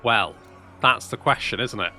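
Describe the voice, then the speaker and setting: A man's voice: mid-range voice, normal speed, bright, forceful tone. A man commentating his own strategy game play, thinking aloud and muttering asides as he goes. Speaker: gameplay commentator.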